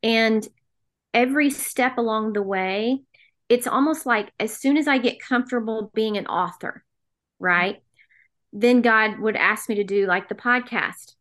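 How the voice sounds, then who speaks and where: A woman's voice: a little high, a little slow, fairly bright tone. Middle-aged southern lady, earnest and emotional, telling her own story on a podcast. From American South. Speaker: podcast guest, author. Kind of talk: personal testimony in an interview.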